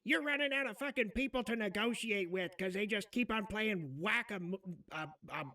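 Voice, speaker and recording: A man's voice: high-pitched, moderate pace, bright, forceful tone, distant mic. A man joking crudely in casual live chat.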